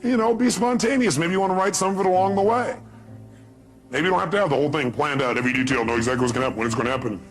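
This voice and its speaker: A man giving a motivational speech to an audience, firing rhetorical questions and swinging from loud bursts to low, intimate asides. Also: rapid-fire. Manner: emphatic, rhetorical questions to the crowd. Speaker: motivational speaker. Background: music bed.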